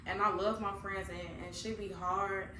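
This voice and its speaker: A woman co-hosting a podcast in casual, candid chat, laughing often and getting loud when excited. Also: medium pitch, normal speed, music in the background. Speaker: podcast co-host. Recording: echoey room, mic far off, noisy.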